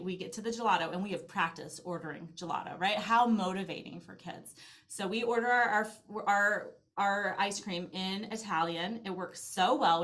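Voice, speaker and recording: A woman in her thirties or forties, a mother and interview guest, telling an animated story in casual conversation with lots of "like". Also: mid-range voice. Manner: animated storytelling with acted-out quoted asides, filler "like". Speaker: guest, mother who travels with her kids.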